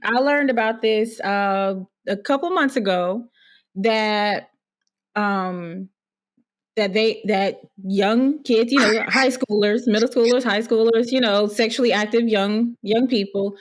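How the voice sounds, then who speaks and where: A woman hosting a podcast, talking casually and haltingly with many fillers. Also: mid-range voice, steady tone. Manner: hesitant, drawn-out, with many fillers. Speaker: podcast host. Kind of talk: casual chat.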